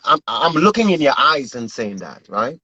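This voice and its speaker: A man in an earnest, animated casual chat, often repeating himself. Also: medium pitch, normal speed, breathy edge, no room sound, dull audio.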